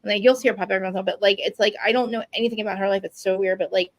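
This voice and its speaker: Fast-talking, gravelly-voiced woman chatting. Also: mid-range voice, low-quality recording. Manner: rambling, animated storytelling with many fillers. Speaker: podcast co-host. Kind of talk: casual chat.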